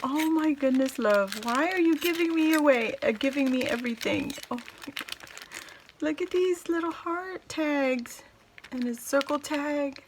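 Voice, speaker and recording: A woman unboxing a craft gift for her viewers in casual chat, gushing and exclaiming with delight, then slowing down to take it all in. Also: high-pitched, animated, slight background noise. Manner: slow and drawn out between exclamations.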